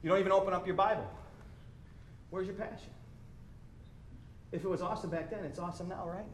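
Fired up preacher guy, kinda high voice, church echo and a bit of rumble under it. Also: fast talker. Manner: animated, conversational preaching with repetitions. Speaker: pastor. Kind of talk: sermon. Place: church sanctuary.

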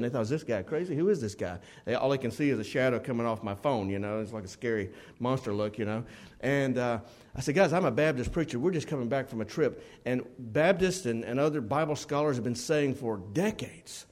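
A man preaching a sermon as a Baptist preacher, telling stories with loud emphasis and dropping to low asides. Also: lively intonation, fairly quick.

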